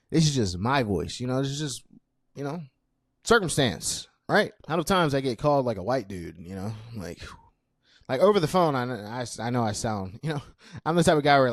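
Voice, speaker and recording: A man's voice: medium pitch, no room sound, clean studio sound. A young man in his twenties hosting a casual solo podcast, chatty and self-deprecating with lots of fillers. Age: 20s. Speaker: podcast host.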